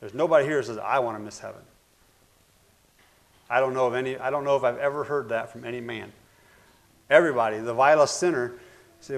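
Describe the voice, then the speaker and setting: Male preacher, gravelly, earnest sermon delivery with loud and soft swings. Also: medium pitch, fairly quick, long pauses. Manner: earnest, repeats phrases, swings between loud and hushed.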